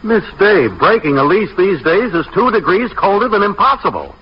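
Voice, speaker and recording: An actor playing a wisecracking, harried young husband who trades wry, quick jokes in 1940s radio comedy. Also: male voice, sits high, sing-song. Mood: scheming. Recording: old radio broadcast recording, dull with faint hiss.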